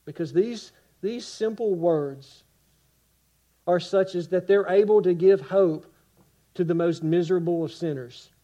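A man preaching a sermon with passion, rising to loud cries and dropping to hushed quiet. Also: high voice, unhurried.

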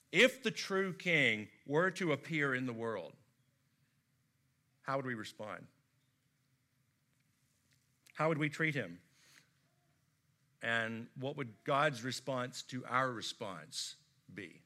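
An American man preaching a sermon, telling stories expressively and swinging from loud emphasis to hushed tones. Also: medium pitch, animated, takes it slowly, long pauses. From United States. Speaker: pastor.

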